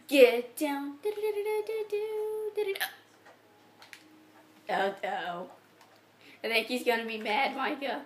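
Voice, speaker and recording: A woman giggling through hiccups as she rambles over casual gameplay commentary to her viewers. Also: mid-range voice. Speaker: gameplay channel host. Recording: echoey room, faint background noise.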